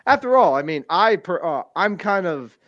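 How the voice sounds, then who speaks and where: A man's voice: high-pitched, sing-song, moderate pace, fairly bright tone, no echo, lo-fi sound. A man co-hosting a casual podcast, rambling and laughing often as he recounts scenes. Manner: rambling, laughs often, quotes lines in a put-on voice. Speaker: podcast co-host. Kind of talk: casual chat.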